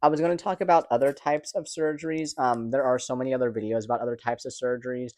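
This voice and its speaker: A young man talking fast and candidly in a casual personal vlog, swearing now and then, recorded at home. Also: mid-range voice, steady tone, a little mellow, no room sound. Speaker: vlogger.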